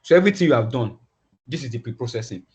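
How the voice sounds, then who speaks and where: A man teaching a class online, talking in halting phrases and often repeating words as he thinks aloud. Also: medium pitch, animated, a little mellow. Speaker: instructor. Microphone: video call. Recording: dull lo-fi video call audio.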